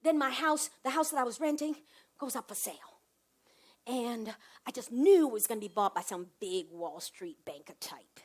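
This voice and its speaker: A woman performing a comic one-woman stage monologue, animated, swinging from hushed asides to loud bursts. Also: fairly high pitch, normal speed.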